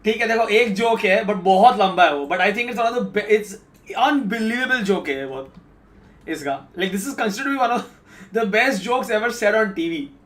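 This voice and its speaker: Fast-talking Indian man reacting to clips. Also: high voice, expressive, fairly bright tone. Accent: Indian English. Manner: rapid, chatty explaining. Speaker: reaction video host. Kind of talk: casual commentary mixing two languages.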